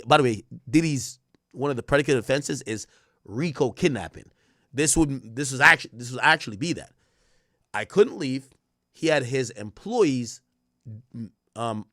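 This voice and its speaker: Male streamer, casual commentary, lively swinging pitch, dry close sound, reads testimony and riffs on it. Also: no room sound. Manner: animated, reads testimony aloud and riffs on it with slang. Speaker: stream host recapping a trial.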